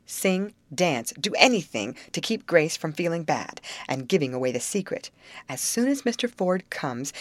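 A woman's voice: low voice, no room sound, heavily acted. A woman reading the part of a bold young woman who takes charge, speaking firmly. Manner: firm and commanding.

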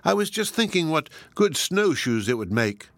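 A man voicing a sly, scheming male fox, smooth and falsely regretful. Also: on the high side, big pitch swings, normal speed, fairly bright tone, no room sound, voice pushed up.

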